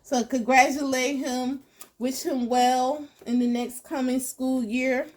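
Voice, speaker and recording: A woman hosting a casual home cooking vlog, talking in a relaxed way with lots of ums. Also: sits high, slow. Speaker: cooking vlogger.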